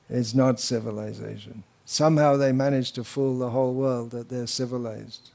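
A man's voice: mid-range voice, vocal fry, darkish tone. Man giving a rambling devotional lecture. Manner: wandering, anecdotal, with mocking asides. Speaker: spiritual teacher.

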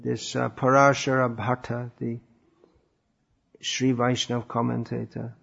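Gravelly-voiced man giving a scripture talk. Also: medium pitch, level tone, fairly bright tone. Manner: thoughtful, pausing often with fillers. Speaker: religious teacher. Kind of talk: scripture lecture. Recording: dull lo-fi recording.

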